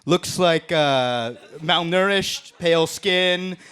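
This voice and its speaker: A man's voice: fairly high pitch, takes it slowly, a bit bright, smooth. A man doing a crude, brash roast-battle stand-up set on stage. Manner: brash, crude punchlines with laughs. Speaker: stand-up comedian. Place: comedy stage before a live audience.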